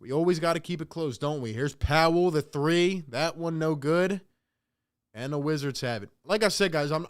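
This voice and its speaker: A man with a slightly high voice calls the game live in a loose, casual play-by-play. He is exasperated, groaning at the refs and speaking straight to his viewers. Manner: exasperated, venting at referees and talking to the chat. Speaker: host of a live play-by-play reaction stream.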